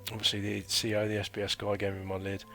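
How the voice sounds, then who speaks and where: A British man in his thirties, a former recruit, rambles chattily through a casual vlog about his military training, full of fillers and slang. His low voice is gravelly, pushed and bright, fast-talking, and completely flat, with soft music in the background.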